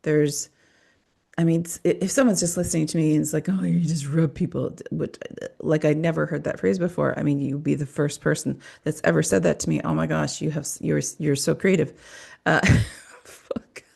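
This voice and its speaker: A woman's voice: deep voice, fairly even intonation, a little fast, vocal fry, mellow. A woman hosting a podcast in a casual, rambling monologue, swearing and cutting herself off often. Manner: profane, rambling, self-interrupting. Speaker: podcast host.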